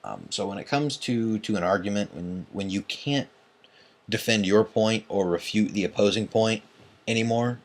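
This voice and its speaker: Young male vlogger, low-pitched, tired and agitated, swearing through a late-night rant. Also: very animated, moderate pace. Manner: agitated, profane, tired and yawning. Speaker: online tournament host. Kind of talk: ranting vlog.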